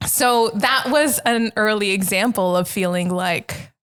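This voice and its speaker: A woman talks candidly as a podcast guest, earnest and reflective, often restarting her sentences. Her voice sits at an ordinary middle pitch, and she unfolds personal memories in a steady, conversational flow. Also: unhurried, smooth. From Canada.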